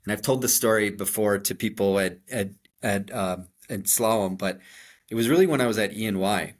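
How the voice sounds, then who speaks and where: A middle-aged man from Chicago with a Chicago accent, a podcast co-host telling stories in an animated, self-deprecating way with frequent restarts. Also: lowish voice, moderate pace. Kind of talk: conversational storytelling.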